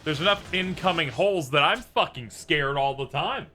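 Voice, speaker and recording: A man's voice: on the high side, animated, normal speed, bright, forceful tone. A man playing a game and bluntly commenting on it to friends, swearing often. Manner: blunt, swears, narrates his play. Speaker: player on stream. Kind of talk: casual gaming chat. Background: faint game music.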